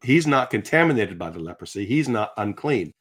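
A man in his sixties telling his conversion story in conversation, animated, acting out quotes as he talks. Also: lowish voice, a little fast. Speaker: guest sharing his testimony. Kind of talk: conversational faith testimony.

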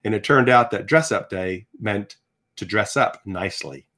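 A man with a fairly low voice, talking as a guest in an interview. He tells his stories in an animated, self-deprecating way, breaking off and restarting his sentences. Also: normal speed. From Virginia, United States. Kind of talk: personal storytelling in conversation.

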